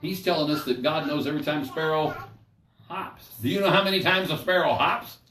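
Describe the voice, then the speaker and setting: A man's voice: a little high, fairly quick, pushed and bright, a little hiss or hum. An older man and pastor leading a Bible study sermon in a folksy, conversational way, often checking in with his listeners. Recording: echoey room, mic at a distance.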